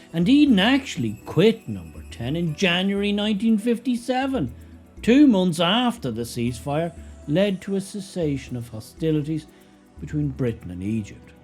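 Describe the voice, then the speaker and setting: A sardonic man delivers political commentary with a lively, swooping pitch. His tone is mocking and emphatic. Faint music plays under him. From Ireland.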